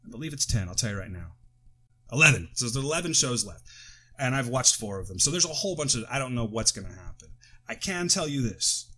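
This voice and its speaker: A man's voice: medium pitch, sing-song, fast talker, fairly bright tone. An American man casually chatting on a podcast, rambling off on tangents and interrupting himself, close to the mic. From United States. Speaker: podcast co-host. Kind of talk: casual chat.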